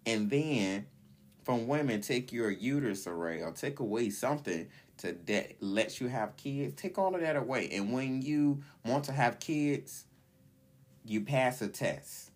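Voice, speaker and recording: A man's voice: medium pitch, expressive, unhurried. A man hosting a solo podcast, ranting bluntly and indignantly in a rambling way, filling his talk with "like". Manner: opinionated, rambling, heavy use of "like". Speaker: podcast host.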